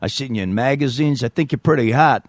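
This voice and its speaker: A man's voice: mid-range voice, fast talker, no room sound, studio quality, lightly acted. A man voicing a smarmy, pushy male caller with a New York accent who keeps hitting on a radio host.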